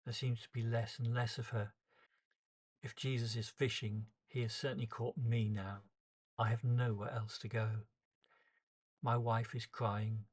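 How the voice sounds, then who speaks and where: Male storyteller, mid-pitched, earnest and emotional in a first-person dramatic monologue. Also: level tone, measured pace, long pauses. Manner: earnest, emotional, shifts pace with the tension.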